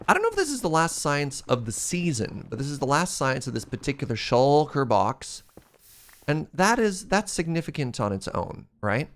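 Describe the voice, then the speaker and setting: Brief: male streamer, lively swooping delivery, excitable and chatty, voice a bit worn from shouting. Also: on the high side, normal speed. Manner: excitable, chatty, laughs often. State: voice strained from shouting. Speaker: game streamer. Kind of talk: casual live-stream chat.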